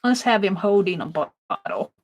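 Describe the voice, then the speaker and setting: A woman hosting a casual craft livestream, chatting and laughing at her own drawing as she works, sometimes dropping to a soft murmur. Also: mid-range voice, sing-song, moderate pace, poor audio.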